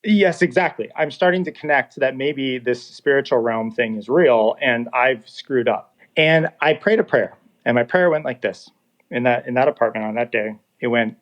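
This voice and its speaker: A man in his thirties tells his story in a relaxed, conversational way, voicing the people in it as he goes. His voice sits at a middle pitch. The recording sounds a little dull and lo-fi. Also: moderate pace. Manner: animated, acts out dialogue in quotes. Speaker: guest telling his story. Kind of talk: casual first-person storytelling.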